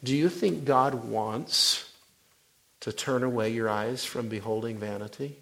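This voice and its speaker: A male pastor delivers a sermon in a gravelly voice of middling pitch. He tells stories quietly, then climbs into loud, fervent preaching, often breaking off and restarting a phrase mid-thought. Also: measured pace. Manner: swings from quiet storytelling to loud, preaching fervor.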